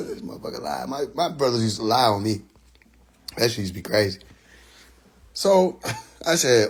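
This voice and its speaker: Husky man telling stories, laughing. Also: medium pitch, moderate pace, long pauses. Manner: animated, laughs often, profane, sound effects. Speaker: live streamer. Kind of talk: casual storytelling on a live stream.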